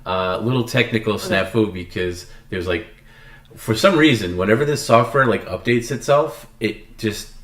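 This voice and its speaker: A man's voice: lowish voice, normal speed, fairly bright tone, reverberant. A man producing a live stream, casually apologizing while he sorts out the audio settings.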